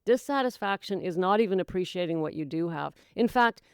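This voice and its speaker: A middle-aged woman hosting a sobriety podcast, giving an emphatic motivational talk that calls listeners "gals" and "my dear" and slips into hushed whispers. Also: on the low side, expressive, brisk, clean tone, no echo, clean studio sound. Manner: dramatic voices and hushed whispers for effect. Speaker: podcast host, sobriety coach. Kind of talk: motivational monologue.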